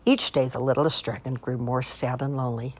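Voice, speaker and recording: A woman reading children's picture books aloud in an expressive, sing-song storytelling manner. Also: extremely low pitch, brisk, a little hiss or hum.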